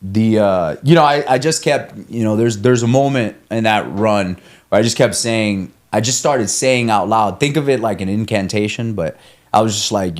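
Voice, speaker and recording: A young man with a fairly low voice talks through a story in a loose, candid podcast chat. He rambles, restarts his sentences and swears freely as he goes. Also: normal speed. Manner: rambling, profane, self-coaching, frequent restarts. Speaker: guest, ultramarathon runner. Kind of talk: candid conversational podcast talk.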